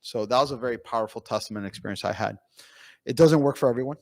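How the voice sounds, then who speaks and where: A man speaking as a pain physician at a conference, telling patient stories in an animated way with many fillers and restarts. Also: medium pitch, quick pace, vocal fry, no echo. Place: conference room.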